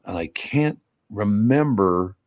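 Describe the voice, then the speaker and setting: An older man hosts a talk radio show, his voice low and recorded close and dry. He rambles from one gripe to the next with an incredulous edge. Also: lively intonation, slow pace, darkish tone, dry recording. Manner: rambling, incredulous, mock accents for jokes. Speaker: radio host. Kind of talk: casual talk radio banter and live ad read.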